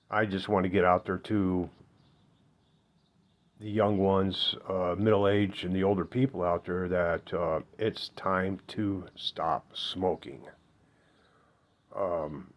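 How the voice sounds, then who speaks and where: Middle-aged man, very low voice, blunt, rambling, unpolished vlog delivery. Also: slow pace, long pauses. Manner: blunt, rambling, heavy fillers, swears. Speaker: former smoker giving advice. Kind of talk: casual personal vlog.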